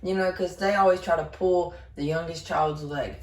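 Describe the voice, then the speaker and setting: A man narrating a storytime story in a slangy, rambling, animated way. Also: on the high side, moderate pace. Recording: roomy echo.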